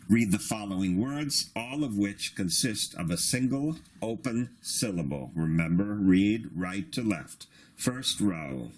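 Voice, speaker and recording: Slow, lively low-voiced male teacher. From Australia. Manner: patient, instructive, drawn-out syllables. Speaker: Hebrew reading teacher. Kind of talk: slow recorded reading lesson.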